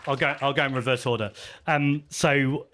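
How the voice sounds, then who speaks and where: A man's voice: mid-range voice, steady tone, moderate pace, crowd noise, background noise. Chatty man answering questions at a festival. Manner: earnest, chatty, self-deprecating, frequent ums and restarts. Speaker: party leader answering audience questions. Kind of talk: live Q&A at an outdoor festival.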